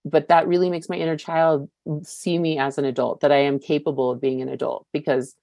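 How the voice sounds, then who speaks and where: A woman's voice: sits low, little pitch movement, brisk, creaky, dark tone, dry recording. A woman in her fifties giving a personal recovery share, candid and searching, with many fillers and casual swearing. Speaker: recovery meeting speaker.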